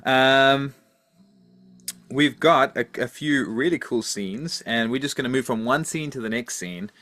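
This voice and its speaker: A man's voice: medium pitch, measured pace, fairly bright tone, no echo. A man hosting a podcast, upbeat and leading the segments with a few fillers. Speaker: podcast host.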